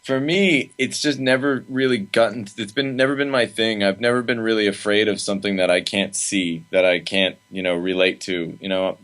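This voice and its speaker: A man being interviewed as a guest, rambling in a relaxed way with lots of fillers. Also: on the low side, normal speed, hardly any pauses. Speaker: film director, guest. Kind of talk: casual interview chat.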